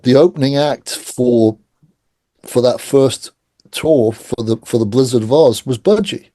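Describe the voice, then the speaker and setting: A middle-aged man tells rock anecdotes in a relaxed interview, mimicking the people in his stories. His voice is dark and mellow, recorded dry and close on a call. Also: medium pitch, a little slow, no room sound. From England. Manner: animated anecdotes, acts out quoted voices. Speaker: guest. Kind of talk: casual storytelling interview.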